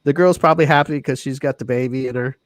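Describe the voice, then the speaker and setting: A man's voice: mid-range voice, quick pace, no room sound. A man hosting a casual podcast chat, rambling, restarting his words and laughing often. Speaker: podcast host.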